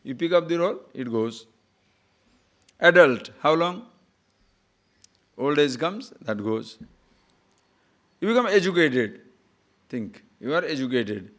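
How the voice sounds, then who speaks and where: Speaking slowly and pausing often in a fairly high voice, an older male teacher delivers a spiritual discourse. He stays animated, asking rhetorical questions and now and then letting out a chuckle.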